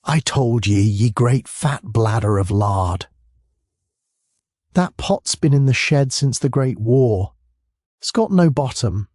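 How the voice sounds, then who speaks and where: An actor voices a cantankerous old crofter who speaks in a slow, gruff grumble. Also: male voice, medium pitch, lively intonation, a little mellow, no echo, studio quality. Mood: grumbling.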